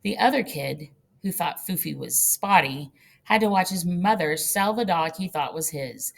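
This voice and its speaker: A woman reading a first-person audiobook with lively, animated storytelling. Her voice sits low and carries a gravelly texture. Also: moderate pace. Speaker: audiobook narrator.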